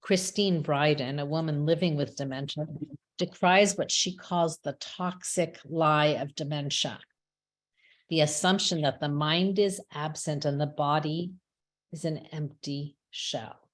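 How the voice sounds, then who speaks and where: A woman giving a measured, reflective prepared talk as a webinar speaker, with small restarts now and then. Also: sits low, fairly even intonation. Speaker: rabbi and chaplain speaker. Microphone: webinar microphone.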